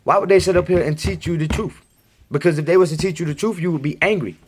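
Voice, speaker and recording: A man's voice: on the high side, quick pace, a little hiss or hum. A man giving a casual, rambling monologue to his viewers in a home recording, insistent and repeating himself. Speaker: video blogger.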